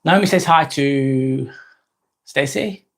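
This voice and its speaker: Speaking slowly in a gravelly, medium-pitched voice, this man from England runs a live vlog and reads out viewers' chat messages. His delivery is casual and meandering, full of repetition and frequent "um"s.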